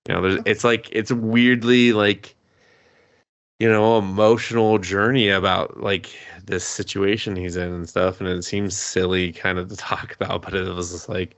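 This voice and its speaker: A man's voice: sits low, steady tone, normal speed, gravelly, fairly bright tone, no echo. A man co-hosting a podcast, recapping an anime plot in a rambling, laughing, casual way with some swearing. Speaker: podcast co-host. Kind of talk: casual anime review chat.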